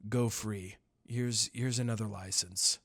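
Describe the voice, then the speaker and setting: A man putting on a lenient, indulgent male politician who soothes and excuses everything in a mock-gentle tone. The voice sits lower than his own and comes out quiet and placating, a sarcastic podcast send-up. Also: steady tone, a little slow.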